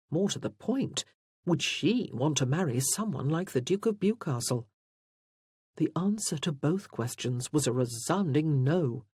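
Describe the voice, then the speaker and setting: A man narrating a period romance audiobook in a measured, expressive way. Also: a little high, breathy edge, no room sound, clean studio sound. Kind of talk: scripted narration.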